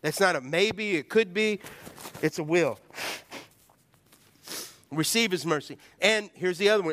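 A man's voice: sits high, measured pace, long pauses, fairly bright tone. A man preaching a sermon to his congregation, calling out for responses and acting out a heartfelt prayer. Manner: emphatic preaching, calls out to congregation, acts out prayers. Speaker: pastor.

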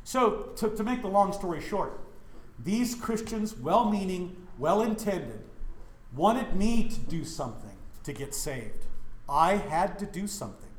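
A middle-aged pastor from Wyoming leads a Bible study in a church and keeps throwing questions at his listeners. His voice sits fairly high for a man. The room gives it a clear echo. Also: unhurried. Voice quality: animated, questioning the audience.

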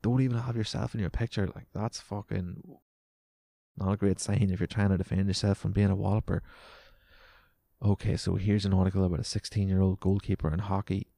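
A man's voice: deep voice, level tone, a little fast, creaky, warm tone, no echo. A man hosting a casual solo podcast, sweary and sarcastic, his voice wearing out. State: voice going. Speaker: podcast host.

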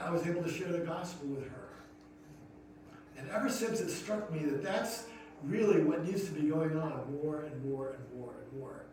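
A man, a pastor, preaching a sermon in an earnest storytelling manner that rises to emphatic questions. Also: a little high. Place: church sanctuary. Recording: echoey hall from far off, noisy.

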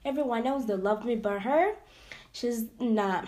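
A woman's voice: fairly high pitch, a little slow, warm tone. A young adult woman with a Nigerian accent, talking bluntly and with sass in casual chat, swearing freely.

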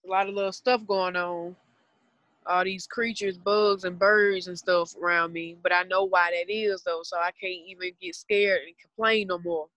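A woman's voice: fairly low pitch, steady tone, normal speed, fairly bright tone, dry recording. A woman in her twenties with a Southern US accent, chatting casually and earnestly on a podcast in a rambling way. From Southern United States. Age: 20s. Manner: rambling, earnest, talks about spirituality.

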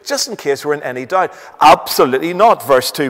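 A man's voice: on the high side, big pitch swings, normal speed, hardly any pauses, big-room sound. A man preaching a sermon, asking rhetorical questions, reading scripture aloud and stressing points emphatically.

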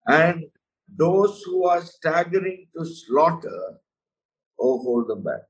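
A man's voice: a little high, sing-song, takes it slowly, far from the mic, poor audio. A man preaching a sermon, earnest and emphatic, often calling the listener "my friend".

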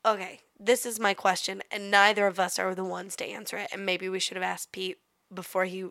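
A woman co-hosting a podcast, telling stories in a casual, animated way with crude jokes. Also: medium pitch, brisk, creaky. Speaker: podcast co-host. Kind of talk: casual chat.

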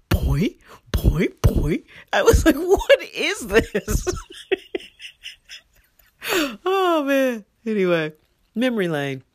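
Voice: medium pitch, fairly bright tone, no room sound, clean studio sound. A young adult podcast host telling a rambling, casual story alone and laughing often along the way.

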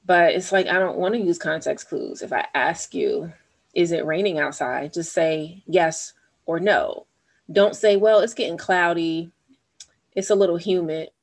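Low-voiced, musing woman co-host. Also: unhurried. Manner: thoughtful, rambling, self-questioning. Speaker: podcast co-host. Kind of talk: casual chat.

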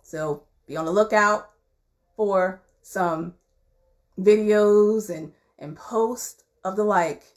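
A woman who hosts a podcast and works as a therapist, giving casual, folksy motivational talk and dropping to a soft near-whisper when she reassures. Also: medium pitch, slow pace.

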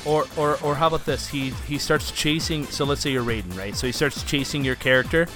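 Brief: male podcast host, mid-pitched, animated, restless delivery with restarts. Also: brisk, soft background music. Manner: animated, frequent restarts and laughter. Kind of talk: casual chat.

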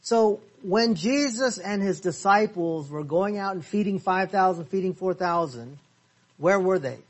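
A man leading a Bible study class, his voice a little high and husky. He speaks very slowly, reads verses with care and keeps putting questions to the class. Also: lively intonation. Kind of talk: interactive Bible study lesson. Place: church classroom.

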